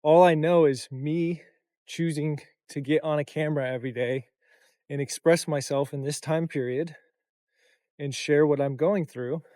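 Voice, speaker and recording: A man's voice: on the high side, darkish tone, no room sound, clean studio sound. Tired, reflective man vlogging to camera. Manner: reflective, talks in loose run-on phrases with many "like"s. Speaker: content creator and coach. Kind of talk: casual to-camera vlog.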